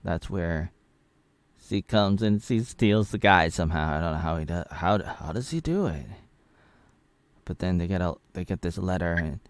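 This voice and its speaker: A man's voice: deep voice, animated, moderate pace, dry recording. A man casually recapping an old film, rambling and joking as he retells the plot. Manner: rambling, jokey retelling with acted-out quotes. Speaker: film reviewer.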